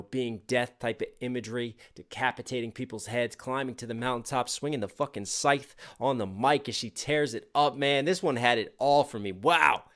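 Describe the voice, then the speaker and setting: A man's voice: mid-range voice, sharp tone. A man hosting a music reaction channel, chatting casually and eagerly picking apart the lyrics as he thinks aloud.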